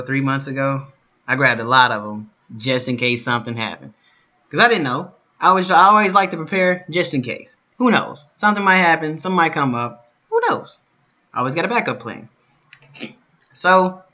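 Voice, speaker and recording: A young man vlogging, telling a story, shifting from calm recounting to loud cursing rants. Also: mid-range voice, lo-fi sound. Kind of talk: storytelling vlog.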